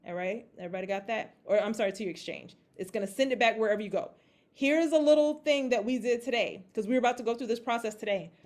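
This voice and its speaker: A woman giving a casual how-to talk to a group, checking in often with "okay?" and "all right?", and acting out panicked reactions now and then. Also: a little high. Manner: acts out her own panicked reactions in a raised voice. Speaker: crypto investing presenter.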